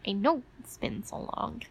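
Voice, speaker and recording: A young woman with a stuffy, congested voice, soft and sleepy and given to giggles, in a whispered role-play as a sick girlfriend. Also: on the high side, creaky, breathy edge. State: congested from a cold. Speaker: ASMR performer playing a sick girlfriend.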